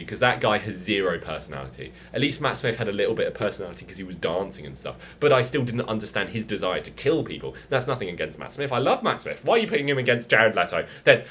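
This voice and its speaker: Young man, deep low voice, exasperated ranting vlog, faint background hum. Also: fairly bright tone. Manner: exasperated ranting, mock outbursts. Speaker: film reviewer. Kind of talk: casual vlog review.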